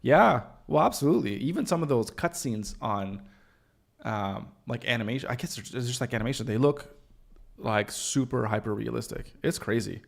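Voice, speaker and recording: A Canadian man with a gravelly, creaky edge and a middle-of-the-road pitch talks through his design work in a loose, rambling way. He fills gaps with ums and likes, and keeps it casual like a host chatting with a co-host. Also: lively intonation, normal speed. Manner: rambling and loose, many fillers, laughs at himself. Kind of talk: casual chat while working on screen.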